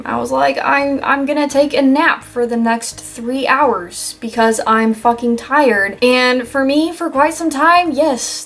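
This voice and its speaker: A young woman talks through self-care tips in a loose, rambling vlog, joking at herself and swearing now and then. Her voice sits a little high. Faint music plays under her. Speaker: vlogger. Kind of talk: casual self-help vlog.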